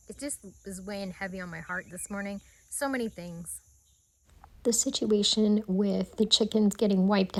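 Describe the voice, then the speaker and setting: A woman's voice: mid-range voice, darkish tone. A middle-aged woman vlogging outdoors on her homestead at sunrise, talking in an earnest, reflective, heartfelt way into a handheld camera. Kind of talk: casual outdoor vlog talk.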